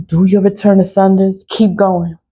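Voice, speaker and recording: A woman's voice: medium pitch, flat delivery, slow pace, darkish tone, breathy edge. A woman venting in a casual vlog, ranting and swearing, breaking into laughs between outbursts. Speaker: spiritual practitioner.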